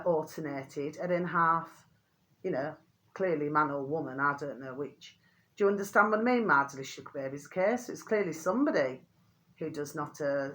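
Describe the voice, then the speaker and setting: Rambling woman vlogging to viewers. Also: a bit bright. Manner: rambling, keeps calling viewers "my delicious little babies"; mild euphemistic swearing, pitch climbs when indignant. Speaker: channel host. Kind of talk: rambling vlog monologue to viewers.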